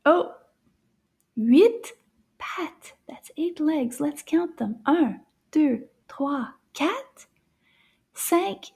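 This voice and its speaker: A woman teaching French to young children in a playful way. She gasps in wonder, whispers her asides and draws words out slowly for the children to repeat. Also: sits high, gravelly, darkish tone. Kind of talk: slow, playful kids' lesson.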